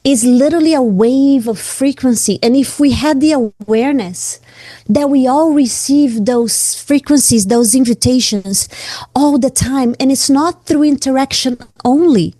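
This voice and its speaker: Earnest woman co-host, higher voice. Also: unhurried, no echo. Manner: earnest, reflective, expressive with laughs. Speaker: podcast co-host and coach. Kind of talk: casual conversational podcast.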